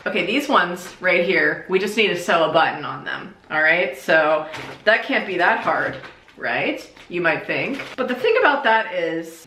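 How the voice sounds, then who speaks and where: A woman's voice: fairly low pitch, bright, forceful tone, reverberant. A young woman chatting casually and self-mockingly as she sews, a little tipsy. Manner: chatty, self-mocking, slips into silly voices. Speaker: YouTuber. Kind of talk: casual comedic vlog while sewing and drinking.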